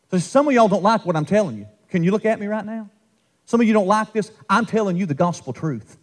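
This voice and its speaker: A man's voice: high-pitched, animated, quick pace. A man preaching a revival sermon, impassioned and calling out to the congregation. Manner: impassioned, call-and-response preaching with rising shouts.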